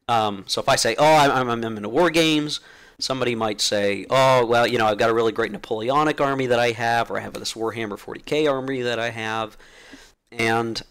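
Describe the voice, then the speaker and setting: A man's voice: lowish voice, a bit bright. A man hosting his own channel, musing in a loose, informal essay with lots of fillers and restarts, still getting over being sick. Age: adult, played since teenage years through college. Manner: rambling, with many fillers and restarts. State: recovering from being sick, clearing throat. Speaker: channel host.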